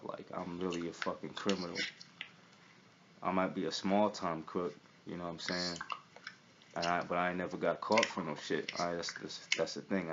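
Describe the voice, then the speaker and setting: Young man, very deep voice, swaggering profane storyteller; lo-fi recording with light hiss. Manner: profane, streetwise, keeps asking "you feel me". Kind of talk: casual storytelling. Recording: slightly dull recording with faint hiss.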